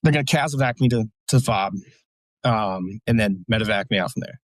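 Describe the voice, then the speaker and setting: Veteran guest, male, lowish voice, dry sound, profane plain-spoken storyteller. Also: brisk, dry recording. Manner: profane, blunt war stories with many fillers. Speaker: podcast guest, military veteran. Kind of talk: casual storytelling.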